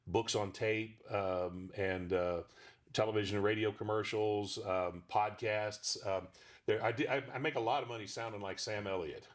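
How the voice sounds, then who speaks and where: A man's voice: fairly low pitch, steady tone, moderate pace. A man who is a ventriloquist and voice actor, chatting in an interview and telling rambling stories with frequent fillers. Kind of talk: casual interview chat.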